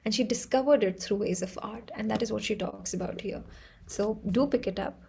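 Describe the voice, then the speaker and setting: A woman with an Indian English accent hosting a live stream, chatting casually and laughing often as she tells excitable stories. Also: medium pitch, a little fast, creaky, slight background noise, rough recording. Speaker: livestream host.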